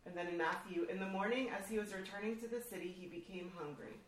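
Lady reading bible passages, steady and even, echoey room, sounds far off from the mic. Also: mid-range voice, fast talker. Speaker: scripture reader. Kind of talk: reading scripture aloud. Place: large room at a church breakfast. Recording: echoey room from far off, faint background noise.

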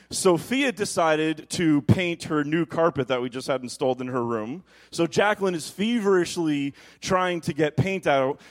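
Animated preacher man, slightly high voice. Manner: animated storytelling, drops soft and low when quoting God. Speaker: pastor. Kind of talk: sermon. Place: church.

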